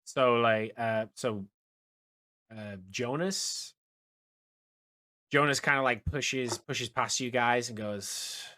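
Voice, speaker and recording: A man running a tabletop game as dungeon master, narrating in a halting way with many fillers and restarts. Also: mid-range voice, sharp tone.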